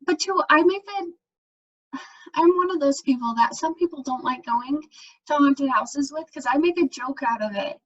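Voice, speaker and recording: A woman's voice: high-pitched, moderate pace. A young woman co-hosting a casual chat, jokey and giggling often. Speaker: podcast co-host. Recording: dull lo-fi recording.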